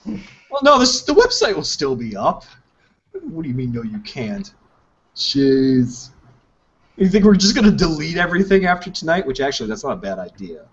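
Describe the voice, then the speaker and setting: A man co-hosting a podcast in casual chat, joking around and quick to laugh. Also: fairly high pitch, wildly swooping pitch. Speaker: podcast co-host. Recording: dull lo-fi audio with faint hiss.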